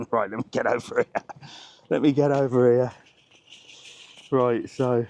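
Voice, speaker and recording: A man's voice: medium pitch, fairly even intonation, fairly quick, pauses often, darkish tone. A middle-aged man, vlogging as he walks through an outdoor market, chatty and ranting, laughing often. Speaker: travel vlogger. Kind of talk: casual walking vlog chat. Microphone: clip-on mic, later removed.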